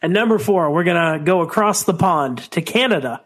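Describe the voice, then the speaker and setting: A man's voice: high voice, animated, brisk, fairly bright tone. A man in his thirties co-hosting a casual wrestling chat, playful and joking, slipping into silly accents. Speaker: podcast co-host.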